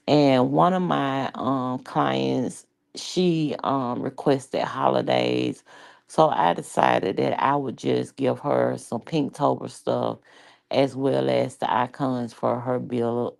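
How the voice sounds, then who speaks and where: A woman's voice: rumbling low, gravelly, a little mellow. A woman with an Atlanta accent chatting to her viewers in a rambling, chatty way, swearing freely. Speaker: YouTube vlogger. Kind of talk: casual chat to viewers.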